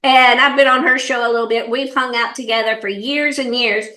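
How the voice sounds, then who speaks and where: A middle-aged woman with a Southern US accent, an animated, folksy comedian chatting in an interview. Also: fairly high pitch, fairly quick, reverberant. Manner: animated storyteller, laughs often, folksy. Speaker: comedian and actor, interview guest. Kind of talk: casual interview chat.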